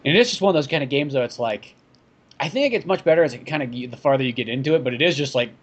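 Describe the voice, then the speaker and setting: Fast-talking man on dull lo-fi audio. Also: a little high, expressive. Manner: fast, chatty, gamer talk. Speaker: podcast co-host. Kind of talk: casual podcast chat.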